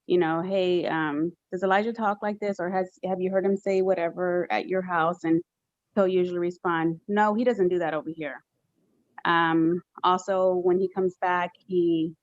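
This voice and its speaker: A woman testifying as a mother in a courtroom, halting and full of fillers. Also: lowish voice, no echo, dull audio. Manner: hesitant, many fillers. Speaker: witness, respondent mother.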